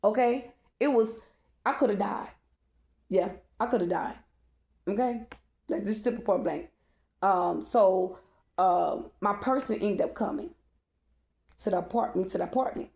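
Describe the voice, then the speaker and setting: A woman's voice: mid-range voice, a little slow, vocal fry, long pauses, mellow. A woman telling a personal story in a casual storytime monologue, blunt and profane, often checking in with "okay?". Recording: echoey room.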